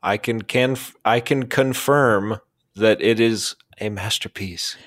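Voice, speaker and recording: A man co-hosting a casual comedy podcast, talking in a deadpan, earnest way. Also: lowish voice, takes it slowly, dry recording, clean studio sound. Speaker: podcast co-host.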